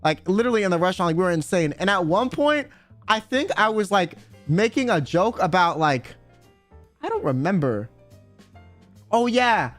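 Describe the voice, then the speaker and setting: A man's voice: high voice, big pitch swings, normal speed, a bit bright, soft background music. A young man streaming, telling a story in casual chat, swearing, laughing and saying bro a lot. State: sore throat.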